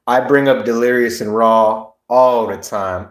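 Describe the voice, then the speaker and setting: Speaking at medium pitch and a slightly slow pace, this male livestream host banters casually and performs memorized comedy bits with lots of laughter and animation. The room gives the audio a noticeable echo.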